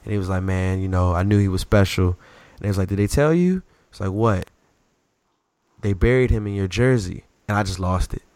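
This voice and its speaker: A man chatting casually about sports as a podcast co-host, telling stories in an animated, slangy way. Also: low voice, brisk, no room sound.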